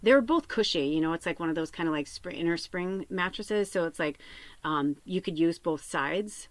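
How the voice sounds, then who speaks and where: A woman's voice: on the low side, lively intonation, normal speed, dry recording. A woman in her fifties telling a long personal story in a casual, rambling way, tired, restarting sentences and filling with "like". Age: 50s. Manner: rambling, emotional, filler-heavy with frequent restarts. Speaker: spiritual medium podcaster.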